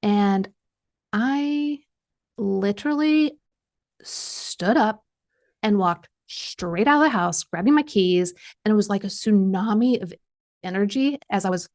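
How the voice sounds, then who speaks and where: Gravelly-voiced woman telling a personal story. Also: mid-range voice, slow pace. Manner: animated, acts out quoted voices. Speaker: guest coach. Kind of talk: personal storytelling in a podcast interview.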